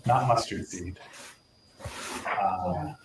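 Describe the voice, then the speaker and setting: A man's voice: fairly low pitch, lively intonation, drawn-out words. A man hosting a livestream in casual chat, rambling and playful, full of jokes. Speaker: livestream host. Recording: echoey room with loud background noise.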